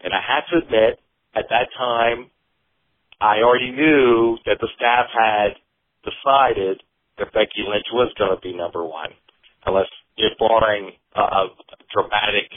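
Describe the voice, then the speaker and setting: A man who writes for a wrestling magazine, a guest on a phone interview, speaking in a measured way and teasing the host. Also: on the low side. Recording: tinny phone line.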